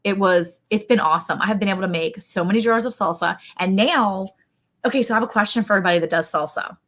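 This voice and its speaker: A woman's voice: medium pitch, quick pace, fairly bright tone. A middle-aged woman, chatting casually and laughing as co-host of a homestead livestream, greeting viewers by name.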